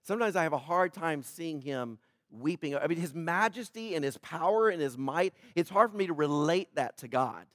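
A man preaching a sermon as pastor, swinging from loud emphatic peaks to quiet, slow scripture reading. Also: on the high side, lively intonation, no room sound, clean studio sound.

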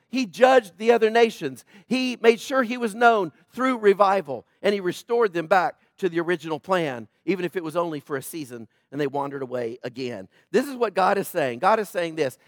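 A pastor preaching a sermon with passion, swinging between loud emphatic lines and soft, intimate asides. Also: male voice, high-pitched, no echo, clean studio sound.

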